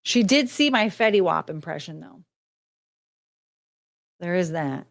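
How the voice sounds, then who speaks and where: A woman's voice: lowish voice, animated, measured pace, vocal fry. A woman hosting a casual livestream, chatty and self-mocking as she answers her chat. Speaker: livestream host.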